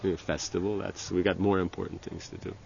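A low, gravelly male voice delivers a loose, conversational religious lecture, circling back with restarts and filler words. The recording is dull and lo-fi. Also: level tone, darkish tone, slight background noise. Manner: halting, many restarts and "you know". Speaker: spiritual teacher.

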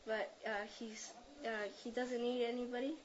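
A woman answering in a class, speaking haltingly and stopping on uh between phrases. Her voice sits fairly high but barely moves in pitch. The recording is dull and lo-fi, and she sounds set back from the mic over faint background hiss. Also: little pitch movement, a little mellow. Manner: hesitant, halting, with repeated uh. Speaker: class participant answering a question.

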